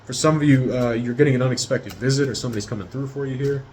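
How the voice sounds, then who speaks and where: A man's voice: medium pitch, fairly even intonation, rapid-fire, a little mellow, slight background noise. A man in his thirties giving a casual tarot reading straight to his viewers in a rambling, profane way. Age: 30s. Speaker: tarot reader.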